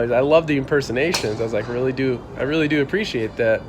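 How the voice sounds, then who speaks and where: A young man telling an animated story. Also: medium pitch, quick pace, few pauses, noisy background. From Buffalo, New York area. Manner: animated, laughs often, acts out quoted lines with a raised voice. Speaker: channel host telling a story. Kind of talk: casual storytelling to camera.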